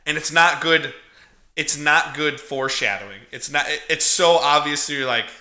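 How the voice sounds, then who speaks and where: A man recapping a horror movie on a podcast, in a casual, animated, profane way, laughing often. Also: a little high, normal speed, reverberant. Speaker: podcast co-host.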